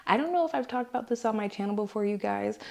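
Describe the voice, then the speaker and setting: A woman's voice: mid-range voice, animated, fast talker, gravelly. A young woman vlogging to camera, explaining her views in an earnest, explanatory way. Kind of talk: talking to camera.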